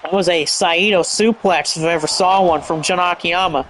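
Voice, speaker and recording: A man calling a wrestling match play by play, energetic and shouting at big moves, often tripping over move names and correcting himself. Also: high voice, moderate pace, a little hiss or hum. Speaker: play-by-play commentator. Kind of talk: excited play-by-play commentary.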